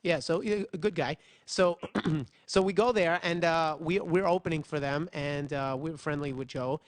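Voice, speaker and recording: A man hosts a casual chat, with a slightly high voice. He tells stories animatedly, slipping into the voices of people he quotes. The sound is close and dry. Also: moderate pace, dry recording. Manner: animated storyteller, acts out other people's voices. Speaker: podcast host.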